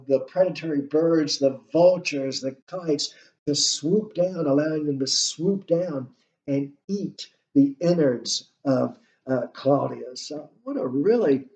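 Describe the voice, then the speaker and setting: A man giving a recorded literature lecture, halting, with frequent fillers and restarts. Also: on the high side, darkish tone. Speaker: literature instructor. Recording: echoey room, dull lo-fi sound.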